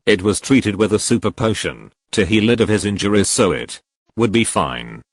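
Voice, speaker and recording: Guy reading fanfic aloud, low voice, lively pitch, dry close sound. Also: moderate pace, husky, no room sound. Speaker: narrator. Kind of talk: fan fiction reading.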